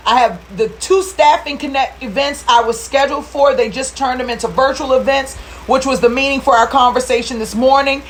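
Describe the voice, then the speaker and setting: Fired-up high-voiced woman coach. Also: fairly quick, a little hiss or hum. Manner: fired-up, preachy, rallying. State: emotional, near tears. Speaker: recruitment business coach. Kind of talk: motivational live video talk.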